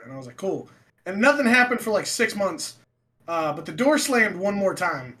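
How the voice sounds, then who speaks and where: A young man casually telling a ghost story with friends, swearing, laughing and loudly acting out quotes. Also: sits high, sing-song, fairly quick. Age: young adult. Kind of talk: casual chat.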